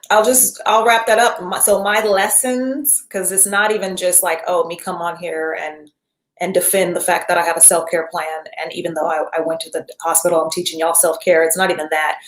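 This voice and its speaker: A woman coaching her viewers in a casual live-stream talk, chatty and rambling as she reads out viewer names. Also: fairly low pitch. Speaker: self-care and business coach. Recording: roomy echo.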